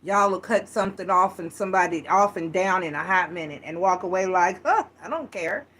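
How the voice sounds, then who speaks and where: Chatty tarot-reading woman, low voice. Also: steady tone, brisk, fairly bright tone. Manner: chatty, rambling, self-correcting storyteller. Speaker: tarot reader. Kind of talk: casual tarot reading to camera.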